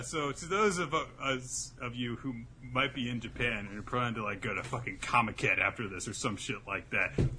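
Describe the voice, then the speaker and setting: A man's voice: medium pitch, bright, forceful tone, a little hiss or hum. A man co-hosting a podcast, recapping a manga chapter in a rambling, sarcastic casual chat. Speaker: podcast co-host.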